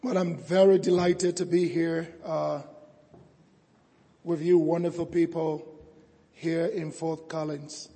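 Hoarse male guest preacher, dark gravelly tone, earnest sermon in a reverberant hall. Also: fairly high pitch, flat delivery, takes it slowly, long pauses. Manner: earnest, thankful, builds to emphatic peaks.

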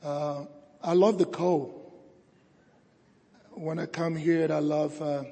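Hoarse man, guest preacher, slow gravelly delivery, flat pitch, long church reverb. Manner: earnest, thankful, builds to emphatic peaks. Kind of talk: sermon.

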